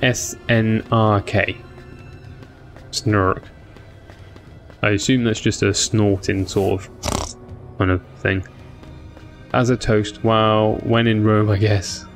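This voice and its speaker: A man's voice: fairly low pitch, flat delivery, slow, pauses often, faint music behind. A tired man chatting casually with viewers during a game stream, rambling with many fillers. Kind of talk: casual live-stream chat.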